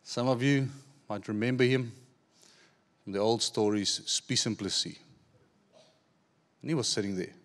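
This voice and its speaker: Preacher telling a story. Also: male voice, mid-range voice, a little slow, long pauses. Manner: animated, acts out dialogue, repeats words. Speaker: pastor. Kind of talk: sermon storytelling.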